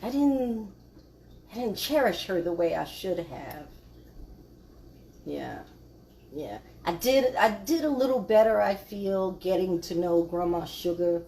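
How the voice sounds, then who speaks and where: A woman's voice: medium pitch, lively intonation, slow, pauses often, warm tone, slight background noise. A woman, hosting a casual live cooking stream in her home kitchen, chatting with viewers and trailing off with fillers. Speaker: cooking show host.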